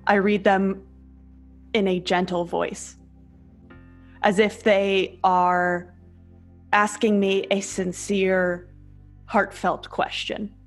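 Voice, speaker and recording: A woman's voice: mid-range voice, flat delivery, slow, long pauses, faint music behind. Earnest, self-aware woman sharing a habit. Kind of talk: reflective conversation.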